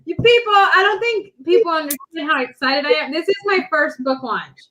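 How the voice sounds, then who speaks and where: A woman in casual chat, excitable and quick to laugh, talking about her first book launch with friends. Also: sits high. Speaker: co-host.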